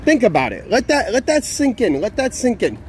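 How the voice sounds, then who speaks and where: A young man streams from outside and rants in a high, bouncing voice, swearing and repeating himself as he vents. His pitch jumps around a lot. Faint traffic hums behind him. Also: wildly swooping pitch, a little fast, a little mellow. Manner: profane, exasperated, repetitive ranting. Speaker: live streamer. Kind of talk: casual live stream talk.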